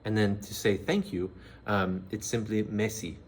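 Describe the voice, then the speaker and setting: A man giving a casual language lesson, repeating phrases slowly with frequent fillers. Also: lowish voice, steady tone, a little hiss or hum. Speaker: language teacher.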